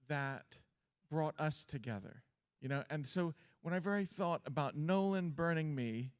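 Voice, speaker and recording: A man on a panel speaking thoughtfully, searching for his words. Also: on the high side. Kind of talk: reflective panel talk.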